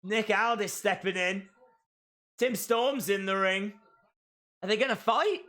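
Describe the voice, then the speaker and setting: A man hosting a live wrestling watch-along, calling the action and breaking into excited shouts. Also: sits high, a little slow. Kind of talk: live wrestling reaction commentary.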